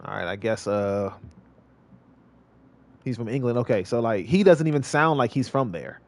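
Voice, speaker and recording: A man's voice: medium pitch, expressive, normal speed. A male streamer giving casual gameplay commentary, rambling and repeating himself with many restarts. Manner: rambling, repetitive, lots of restarts.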